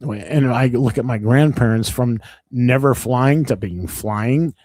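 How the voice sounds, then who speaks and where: A man's voice: mid-range voice, slow, darkish tone, dry recording, clean studio sound. An older man, a podcast guest, reminiscing in casual chat with emphatic asides.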